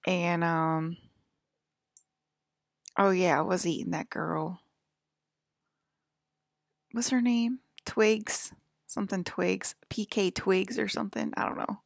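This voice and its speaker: A woman with a lowish, gravelly voice and a breathy rasp runs through a loose, rambling monologue. She leans on "like" and drifts from one thought to the next in an offhand way. The sound is close and dry, with no room to it. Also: steady tone, takes it slowly, long pauses, dry recording. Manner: rambling, full of "like" fillers; offhand, drifts between topics.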